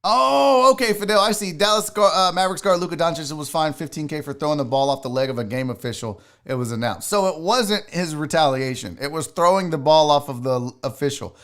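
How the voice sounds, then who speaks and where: A man's voice: fairly high pitch, brisk, few pauses, a bit bright. A man hosting a live sports show, ranting casually and profanely while reading viewers' chat.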